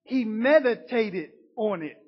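A male preacher delivers a sermon in emphatic, repeating phrases. He moves from loud declarations to near-hushed passages. His voice is high and husky, and it comes through a dull, lo-fi recording. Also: expressive, takes it slowly.

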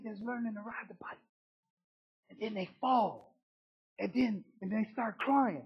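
A male preacher delivers a sermon in emphatic, repeating phrases. He moves from loud declarations to near-hushed passages. His voice is high and husky, and it comes through a dull, lo-fi recording. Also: moderate pace, pauses often.

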